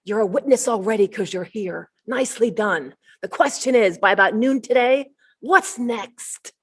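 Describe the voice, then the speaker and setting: A woman preacher giving a storytelling sermon at an online service, building to excited, near-shouted peaks. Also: fairly high pitch, normal speed, husky. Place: online service, shared screen.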